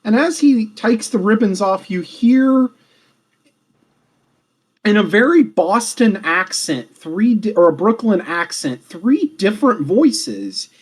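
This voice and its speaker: A man playing a tabletop role-playing game, making blunt, deadpan remarks and narrating his character's actions. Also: high voice, slow pace, husky, low-quality recording. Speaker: player. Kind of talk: tabletop role-play chat.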